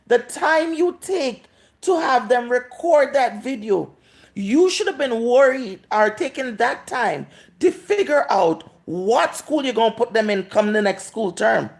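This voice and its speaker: Scolding Jamaican woman with a gravelly edge. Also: fairly high pitch, animated. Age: 30s. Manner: scolding, emphatic, drawn-out words. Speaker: vlogger. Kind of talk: ranting live stream.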